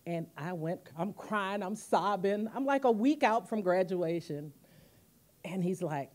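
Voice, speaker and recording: At a university auditorium podium, a woman in her fifties, the museum's president and the guest speaker, gives a commemorative speech. She talks at a measured pace in a medium-pitched voice, animatedly telling stories and performing each quote.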